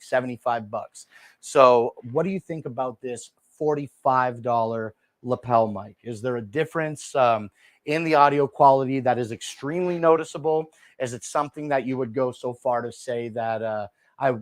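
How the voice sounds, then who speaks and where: Relaxed chatty man on a lapel mic. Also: mid-range voice, no echo. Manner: chatty, rambling, talks straight to viewers; speaking softly and relaxed instead of his usual loud delivery. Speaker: live shopping stream host. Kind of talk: casual live-stream product demo. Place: indoor room, moving around on camera. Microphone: wireless lapel mic.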